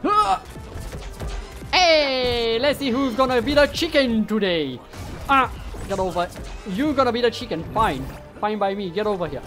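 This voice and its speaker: A man commentating his own gameplay who swears often, taunts his opponents and bursts into yelling. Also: extremely high pitch. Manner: bursts into loud yelling when winning or losing. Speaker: gaming YouTuber.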